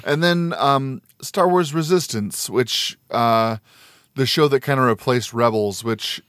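A man's voice: mid-range voice, a bit bright, clear, resonant tone, dry recording, clean studio sound. A man co-hosting a podcast, laid-back and rambling, with many ums and uhs. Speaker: podcast co-host. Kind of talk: casual podcast chat.

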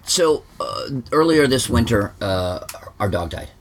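A man chatting on a podcast, telling a family story with halting restarts. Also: medium pitch, big pitch swings, a little hiss or hum. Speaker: podcast guest, parent. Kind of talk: casual chat.

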